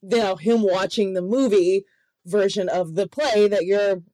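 A woman hosting a casual interview, reacting quickly and laughing often. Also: mid-range voice, steady tone, warm tone, dry recording, rough recording. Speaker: podcast host.

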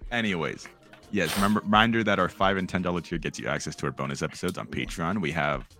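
Man podcast host, very low pitch with a bright edge, rambling casual chat. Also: fast, soft background music. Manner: rambling, lots of fillers and restarts.

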